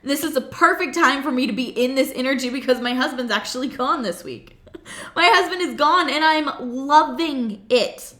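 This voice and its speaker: Woman coach, animated and playful, bright voice, slightly high, roomy echo. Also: moderate pace. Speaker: self-love coach. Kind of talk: motivational talk to camera.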